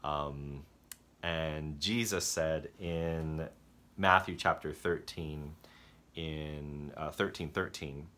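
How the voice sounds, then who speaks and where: Low-voiced pastor preaching conversationally. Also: male voice, fairly even intonation, sharp tone. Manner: halting, self-correcting delivery that acts out story characters. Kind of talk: conversational sermon.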